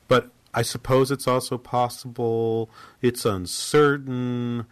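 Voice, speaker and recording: A man's voice: mid-range voice, flat delivery, slow, clear, resonant tone, dry recording. A man hosting economics talk radio, analytical and sometimes hesitant as he talks.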